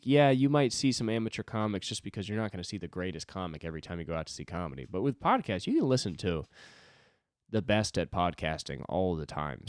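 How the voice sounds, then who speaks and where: A man's voice: low-pitched, no room sound, studio quality. A man, a stand-up comic and podcast host, rambling alone at a desk in a loose, self-deprecating way and swearing freely. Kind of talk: solo rambling podcast monologue.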